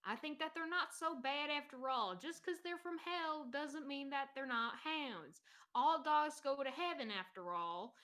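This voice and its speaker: A woman's voice: sits high, animated, unhurried, pitched above the performer's own voice, exaggerated voice. Woman doing a sunny tall drawling adventurer. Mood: earnest, soothing. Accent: put-on American Southern. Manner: soothing, gently preachy. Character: tall, relentlessly cheerful male adventurer. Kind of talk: tabletop role-play.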